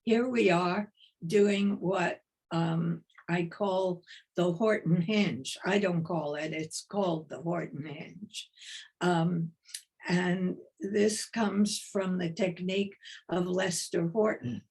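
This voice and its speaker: An older woman with a New York accent giving a lecture as a retired dance professor over a video call, in a slow, measured, deliberate way. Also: fairly low pitch, fairly even intonation, a little mellow. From East Coast of the United States.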